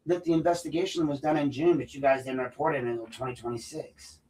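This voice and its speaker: A man hosting an unscripted podcast, ranting in a profane, combative way that turns loud and heated. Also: medium pitch, fairly even intonation, quick pace, hardly any pauses, far from the mic, rough recording. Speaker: podcast host.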